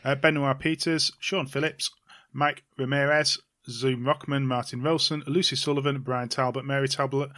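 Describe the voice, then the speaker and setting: A man's voice: mid-range voice, little pitch movement, normal speed, sharp tone. A man from England co-hosting a casual podcast chat, reading out lists of names in a dry, offhand way. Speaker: podcast co-host.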